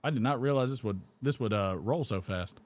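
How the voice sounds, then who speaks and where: A man's voice: mid-range voice, a little fast. Guy puffing a pipe on a live stream, rambly chat, reads comments out, mid-range voice.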